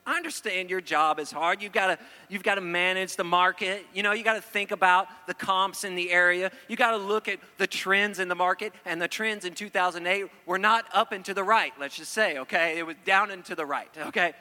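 A man with a high, very bright voice delivers a sermon in a lively, joking way, tossing questions out to the audience. His voice rings through a large hall with long reverb. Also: a little fast, few pauses. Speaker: preacher. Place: church hall before an audience.

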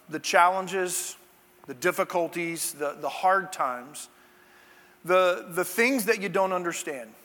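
A male pastor with a fairly bright, higher voice delivers a conversational sermon in a church sanctuary. He drops in chatty, jokey asides to the congregation, and the recording carries a long church-hall reverb.

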